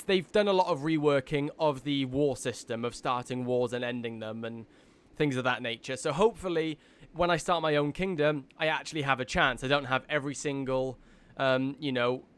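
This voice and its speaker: A man giving casual let's-play commentary as he plays, rambling with lots of fillers and breaking into excitement. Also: medium pitch, clean tone. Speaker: gaming video host.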